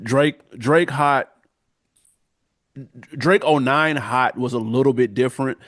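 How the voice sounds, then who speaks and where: A man's voice: medium pitch, slow, no echo, studio quality. Opinionated man in casual podcast talk. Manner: animated, opinionated, drives points home. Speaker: podcast co-host. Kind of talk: casual chat.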